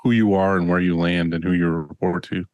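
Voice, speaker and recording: A laid-back man co-hosting a podcast, swearing freely as he talks. His voice is very low and flat, with little rise and fall. The sound is dry, right on the mic. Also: a little fast, no room sound. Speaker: podcast co-host. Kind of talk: casual podcast chat.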